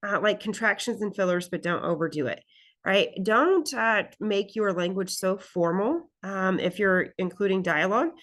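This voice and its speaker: A woman teaching a college English class, talking in a relaxed, conversational way and often checking in with "right?" and "okay?". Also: medium pitch. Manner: reads example lines aloud expressively. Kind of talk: recorded class lecture recap.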